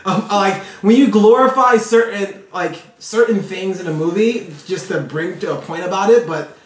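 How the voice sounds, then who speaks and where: A man's voice: sits high, moderate pace, background noise. Rambling man in an echoey room. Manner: rambling, heavy use of fillers like "like". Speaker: podcast co-host. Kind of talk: casual chat. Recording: echoey room, far from mic.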